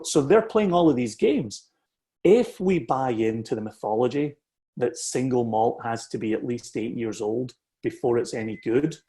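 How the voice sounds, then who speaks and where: A man's voice: mid-range voice, mellow. Emphatic man explaining with rising intensity. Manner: emphatic, keeps asking "right?". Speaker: independent whisky bottler. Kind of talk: passionate explanatory talk.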